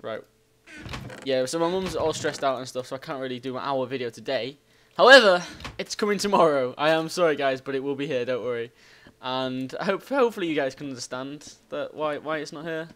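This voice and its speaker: A man hosting a gaming channel, giving rambling, excitable let's play commentary and exclaiming at the game. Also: medium pitch, brisk.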